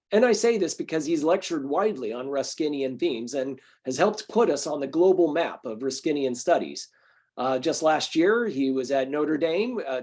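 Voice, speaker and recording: Club president, male, a bit high-pitched, halting delivery introducing a lecturer. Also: a little mellow. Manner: halting, frequent ums and uhs. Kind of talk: hesitant formal introduction.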